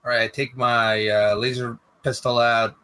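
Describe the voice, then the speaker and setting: A man playing a tabletop game, describing his character's actions with halting restarts. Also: medium pitch, flat delivery, sharp tone, smooth. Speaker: player. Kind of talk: tabletop role-play.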